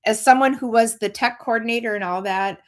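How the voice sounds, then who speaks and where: A middle-aged woman, a teacher hosting a casual chat, animated and laughing often. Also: fairly high pitch, brisk. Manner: animated, laughing, acts out kids' voices. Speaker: host, teacher.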